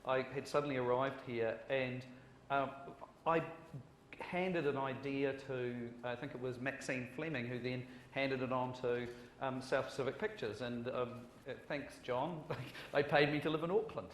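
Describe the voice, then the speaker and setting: A man's voice: medium pitch, fairly even intonation, normal speed. A New Zealand man speaks on a conference panel, rambling and joking at his own expense, often restarting his sentences. His voice rings around an echoey hall over a faint background hiss. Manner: rambling, joking and self-deprecating, with frequent restarts. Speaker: panelist, screenwriter. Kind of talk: panel discussion.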